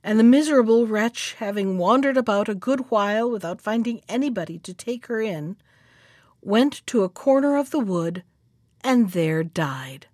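A woman storyteller reading a fairy tale aloud in a measured, clear way. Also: mid-range voice, expressive, darkish tone, dry recording, studio quality. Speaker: storyteller and podcast host.

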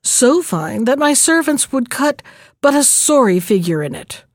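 A woman's voice: high-pitched, big pitch swings, measured pace, no room sound, clean studio sound, voice pushed up, exaggerated voice. A woman voicing a proud, scheming male sultan in a storybook reading, with a commanding, self-satisfied manner.

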